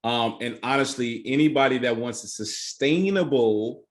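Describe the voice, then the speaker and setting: A man guest on a podcast explaining social media strategy in an emphatic, animated casual way. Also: mid-range voice, moderate pace. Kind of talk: casual interview chat.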